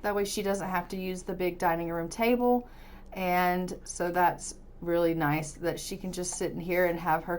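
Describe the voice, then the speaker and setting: A woman's voice: lowish voice, slight background noise. A woman casually commentating her life-simulation gameplay as a let's-play host, chatty and upbeat. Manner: chatty, upbeat, narrates what she does in the game.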